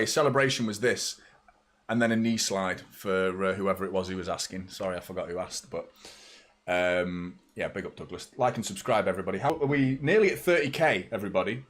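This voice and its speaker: Excitable football watchalong streamer. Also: male voice, lowish voice, brisk. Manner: excitable, chatty, greets viewers by name. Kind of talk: live match watchalong chat.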